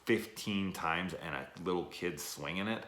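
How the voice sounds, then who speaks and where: A man's voice: deep voice, a little slow. A man giving a casual, rambling movie review, cursing often and trailing off into fillers. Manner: rambling, profane, animated, full of fillers. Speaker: film reviewer. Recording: echoey room.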